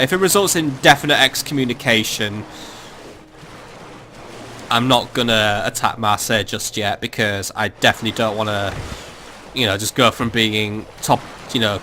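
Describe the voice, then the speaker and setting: A man's voice: lowish voice, measured pace, pauses often, pushed and bright, soft background music. A man giving casual, sardonic gameplay commentary as a let's play host, swearing freely and thinking aloud.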